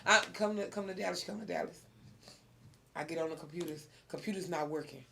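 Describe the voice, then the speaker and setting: A woman hosting a podcast, telling a story in casual chat, animated and laughing often. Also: low voice, fast talker, gravelly, noisy background. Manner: animated storyteller, laughs often, gets loud when excited. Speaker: podcast host.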